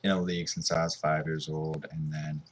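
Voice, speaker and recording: A man's voice: rumbling low, little pitch movement, moderate pace. A man in his twenties from Southern California, giving casual, rambling commentary over a mobile game. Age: 20s. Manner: rambling and offhand.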